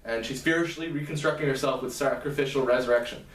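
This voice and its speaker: Guy recapping a novel, stumbly with lots of restarts, echoey room, mic far off. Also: medium pitch. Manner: halting, many fillers and restarts. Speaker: lecturer retelling a novel. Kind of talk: casual story retelling. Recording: roomy, distant mic.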